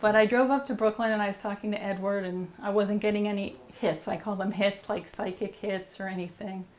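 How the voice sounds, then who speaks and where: A woman with a voice of middle pitch tells a personal story to an interviewer. She speaks earnestly and rambles, with many fillers and restarts. She grows animated whenever she quotes her own words. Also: brisk. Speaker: interview guest.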